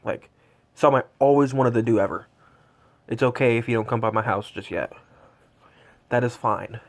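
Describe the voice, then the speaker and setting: A man in his twenties vlogs while tracking Santa, cold and shivering, rambling in awe and full of fillers in a casual, excited way. His voice sits mid-range and moves at a moderate pace.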